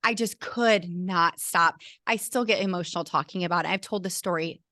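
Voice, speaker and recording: A woman's voice: lowish voice, moderate pace, sharp tone, no echo, clean studio sound. A middle-aged woman, a teacher and burnout coach, telling a personal story earnestly and with feeling as an interview guest, often restarting her sentences. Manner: earnest, emotional, with many restarts.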